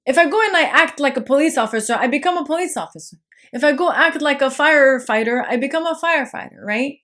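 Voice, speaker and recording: A woman talking casually to camera, reassuring and insistent, with many restarts and repeated "trust me" and "okay?". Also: a little high. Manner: frequent restarts and stammered repeats. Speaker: video host. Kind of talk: casual spoken monologue.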